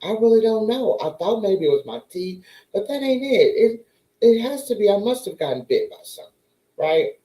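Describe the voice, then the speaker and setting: A woman tells a story in a lively, animated way, her pitch leaping up and down as she acts out each person in it. Her voice sits in a mellow, darker tone. The sound is roomy, with a noticeable echo around her. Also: normal speed. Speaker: vlogger. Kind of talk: casual storytime chat.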